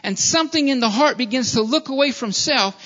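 A man's voice: very high voice, expressive, fairly quick, a bit bright. A man preaching a sermon in an earnest, repetitive style and often calling his listeners beloved. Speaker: pastor. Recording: dull lo-fi sound with long hall reverb.

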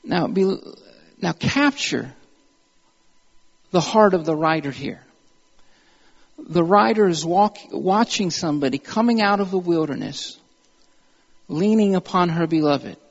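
A man preaching a sermon in church, moving from calm storytelling to impassioned exhortation. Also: high-pitched, a little slow, creaky, long pauses, long reverb tail, muffled recording.

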